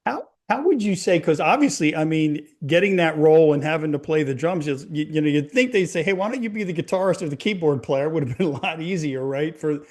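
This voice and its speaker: A man's voice: fairly high pitch, expressive, fairly quick, hardly any pauses, a little mellow. A man hosting an interview, asking questions in a casual, conversational way. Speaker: podcast host.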